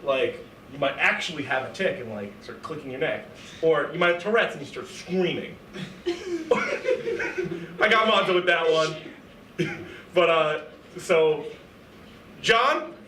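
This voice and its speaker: A young man hosting improv games, loud and excitable, often breaking into shouting. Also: fairly high pitch, a little slow, long pauses. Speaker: improv game host. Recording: echoey room, mic at a distance, faint noise.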